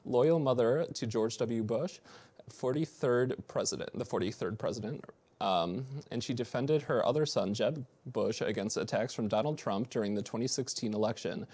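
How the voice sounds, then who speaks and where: A young male anchor reading the news at a middle pitch. He speaks steadily but now and then trips over a word and corrects himself, in a plain college-station broadcast manner. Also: normal speed, a little mellow. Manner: reads steadily, with small slips and self-corrections. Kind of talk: college TV newscast.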